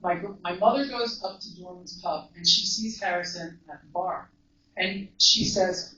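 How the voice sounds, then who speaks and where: A woman, a mental health counselor, giving an earnest, measured storytelling talk to a live audience. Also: lowish voice, bright, forceful tone. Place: large echoey event room. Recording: echoey, distant, dull live recording.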